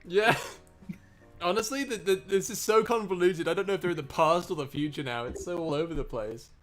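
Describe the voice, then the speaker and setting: A man's voice: high-pitched, fairly quick, faint music behind. A man in casual chat on a livestream, joking wryly. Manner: wry, joking. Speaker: co-host.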